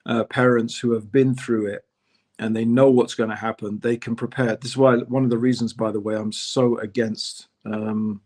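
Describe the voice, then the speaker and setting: Brief: man, podcast co-host, lively casual talker, mid-pitched, fills with "you know". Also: moderate pace. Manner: conversational, animated, many "you know" fillers. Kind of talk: casual discussion.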